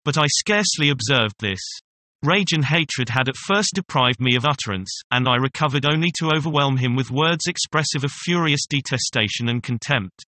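With a mid-range voice and no room sound around him, an audiobook narrator reads from a classic novel. His scripted first-person narration is calm, measured and even.

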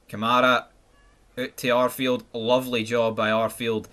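A man with a Scottish accent giving live, foul-mouthed gameplay commentary, swinging between excited yelling and glum muttering. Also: mid-range voice, fairly quick. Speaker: gaming channel host.

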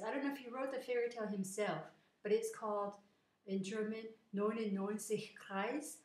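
Woman telling a story to a friend, rambly and relaxed, mid pitch, roomy echo. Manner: informal, meandering. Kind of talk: casual personal message, retelling a story. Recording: echoey room.

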